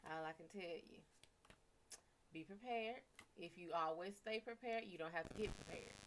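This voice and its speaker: A woman's voice: lowish voice, moderate pace, slight background noise. A woman from the American South, chatting casually and profanely with viewers on a live stream. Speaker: live stream psychic reader.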